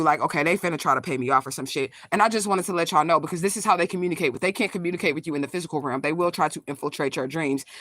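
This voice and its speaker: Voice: medium pitch, fairly bright tone, no room sound, studio quality. A spiritual medium vlogger telling a story to a live audience in a blunt, profane, emphatic way, breaking off to answer viewer comments. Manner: talks straight to viewers, reacts to live comments. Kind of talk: casual livestream storytelling.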